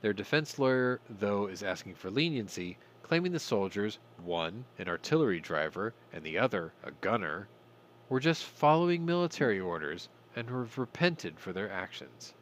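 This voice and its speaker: A man's voice: fairly low pitch, big pitch swings, normal speed, fairly bright tone, a little hiss or hum. A man hosting a casual news commentary podcast, irreverent and swearing, with ranting asides. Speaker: podcast host.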